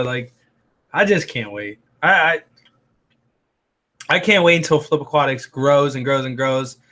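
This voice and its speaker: A man's voice: mid-range voice, a bit bright. Chatty man hosting a live stream. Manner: chatty and upbeat, loose with fillers and restarts. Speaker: host answering live chat. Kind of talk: casual live-stream chat.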